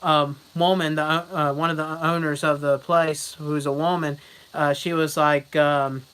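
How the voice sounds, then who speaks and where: A young man talking straight to his viewers in a loose, rambling vlog, stacking one anecdote onto the next and laughing at his own jokes. His voice is bright and forward, and he keeps breaking into loud, mocking voices before dropping back to plain chat. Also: on the high side, flat delivery, unhurried, smooth, rough recording. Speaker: vlogger. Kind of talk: casual storytelling vlog.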